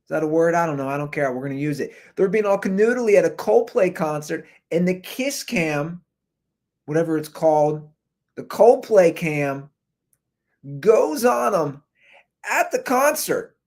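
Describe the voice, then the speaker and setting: Male podcast host, high and bouncy delivery, animated joking rant, laptop mic. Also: unhurried. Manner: animated, jokey, talks over clips. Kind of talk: ranting commentary on viral videos. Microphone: computer's built-in mic.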